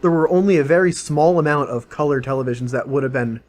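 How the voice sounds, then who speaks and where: A man's voice: on the high side, quick pace, darkish tone. A man co-hosting a podcast, chatting casually and filling in explanations with the odd "um". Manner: explanatory, fills in details, with "um" and "uh". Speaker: podcast co-host. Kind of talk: casual chat.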